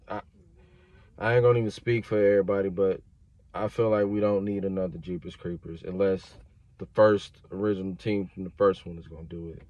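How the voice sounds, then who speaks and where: A man recording a casual, slangy film-review rant while driving in traffic, sounding frustrated and repeating "you know what I'm saying". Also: sits low. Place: car in traffic. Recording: dull lo-fi audio with traffic noise. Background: road traffic noise.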